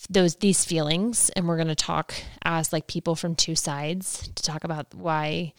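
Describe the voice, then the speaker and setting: A woman's voice: low-pitched, steady tone, unhurried, clear, resonant tone, dry recording, clean studio sound. A young adult woman hosting a solo recap podcast, chatting casually, opinionated and rambling with lots of fillers. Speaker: podcast host.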